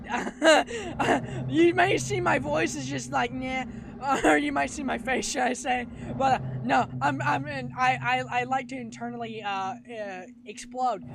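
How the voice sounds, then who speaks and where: A woman's voice: high voice, gravelly, noisy background. Jittery woman screaming through a horror game. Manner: panicky, screams and laughs, repeats pleas over and over. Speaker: gamer. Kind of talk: let's play commentary. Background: game music.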